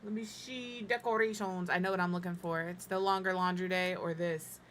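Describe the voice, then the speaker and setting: A woman's voice: fairly low pitch, steady tone, moderate pace, a bit bright, slight background noise. Chatty woman streaming a building game. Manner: chatty, self-deprecating, talks to her cat and chat. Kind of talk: casual live-stream chat. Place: home room.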